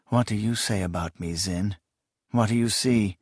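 A man voicing a wary sorcerer who speaks low and murmuring. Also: moderate pace, darkish tone, dry recording, studio quality, lightly acted. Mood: guarded. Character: wary middle-aged sorcerer man, quiet and troubled.

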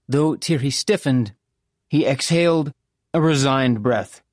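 A narrator reading a fantasy novel in the first person, in a measured, even storytelling manner. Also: medium pitch, no room sound, clean studio sound. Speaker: audiobook narrator.

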